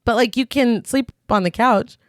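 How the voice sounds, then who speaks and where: A woman's voice: fairly high pitch, normal speed, dry recording. A woman co-hosting a podcast, recapping a film plot in casual chat with dry sarcastic asides. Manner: dry, sarcastic asides between plot beats, laughs often.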